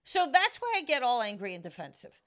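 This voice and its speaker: A woman co-hosts a casual podcast, blunt and quick to swear, and she tells her stories with animated energy. Her voice sits a little high and sounds bright and forceful. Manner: blunt, profane, defensive, animated storyteller. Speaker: podcast co-host.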